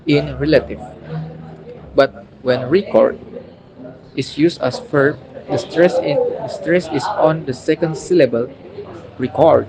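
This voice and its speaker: Slow young man reading a lesson. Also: fairly high pitch, low-quality recording. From Indonesia. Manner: slow, careful, repeats each example word. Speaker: university student. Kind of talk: reading a recorded phonology lesson.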